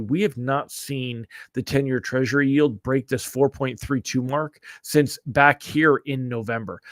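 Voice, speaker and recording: A man's voice: medium pitch, dry recording, clean studio sound. Upbeat man hosting a live rate show. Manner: upbeat, chatty, greets viewers by name. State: stuffy from allergies. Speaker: daily mortgage rate show host. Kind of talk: live-streamed market update.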